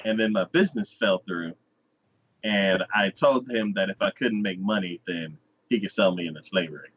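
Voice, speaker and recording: Brief: man doing a sly animal-girl character, rambling excuses, bright tone, lo-fi capture. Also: low voice, moderate pace, slightly rough, pitched below the performer's own voice. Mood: excusing herself. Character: scheming young animal-woman from an anime. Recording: dull lo-fi sound.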